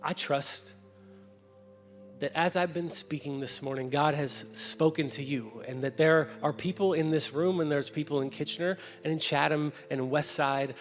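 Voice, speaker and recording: A male pastor with a fairly high voice, preaching earnestly to his congregation. His words ring with a long church-hall reverb, faint music underneath. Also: normal speed. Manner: storytelling, earnest invitation. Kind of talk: sermon. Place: church sanctuary.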